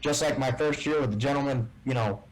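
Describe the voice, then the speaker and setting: A man as a guest in a casual interview, telling a story and acting out the dialogue with lively shifts in voice. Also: medium pitch, a little fast, low-quality recording. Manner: animated storyteller who acts out quoted dialogue. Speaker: guest, tournament bass angler.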